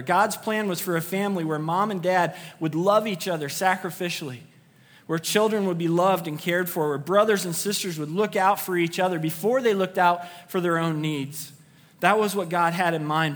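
A man's voice: fairly high pitch, a bit bright. Earnest male pastor preaching in a hall. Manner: earnest, emphatic preaching with repetition. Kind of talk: sermon. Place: church sanctuary.

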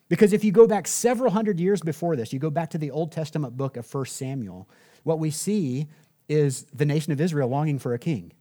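Conversational male preacher, slightly high voice. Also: dark tone. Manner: conversational, asks the audience "right?", jokes. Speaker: pastor. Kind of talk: sermon.

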